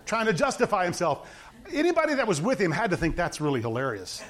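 Middle-aged male preacher, lively high voice, informal storytelling sermon. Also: quick pace. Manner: animated storytelling, acting out the characters and laughing.

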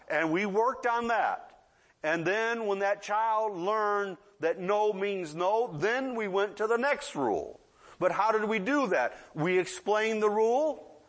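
An older man in his sixties delivers a sermon in a relaxed, conversational style, with a fairly high-pitched voice. He keeps checking in with his listeners and slips into children's voices to make his points. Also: slow pace. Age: 60s. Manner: conversational, often asks the audience "yeah?"; acts out children's voices in asides. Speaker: preacher.

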